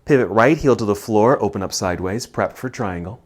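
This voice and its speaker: A middle-aged man teaching a yoga class, calmly cueing poses and breaths, slightly out of breath. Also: fairly low pitch, a little fast, slightly rough. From United States. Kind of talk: guided yoga class instruction.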